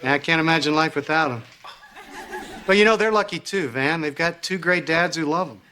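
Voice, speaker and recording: Man playing upbeat coaxing dad, high voice, noisy sitcom audio. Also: fairly quick, close to an everyday voice.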